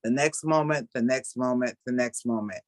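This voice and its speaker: A woman's voice: rumbling low, moderate pace, darkish tone, dry recording. Middle-aged woman hosting a video call, dry close sound, laughs a lot. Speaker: host. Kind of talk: casual chat on a video call.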